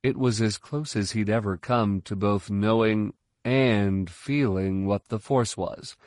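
A man narrating a novel in a measured, steady way. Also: fairly low pitch, no echo, clean studio sound. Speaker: audiobook narrator. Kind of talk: scripted narration.

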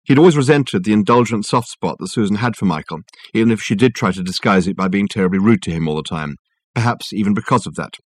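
A man narrating a novel as an audiobook reader, measured and wry. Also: fairly low pitch, lively intonation, no room sound. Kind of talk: scripted narration.

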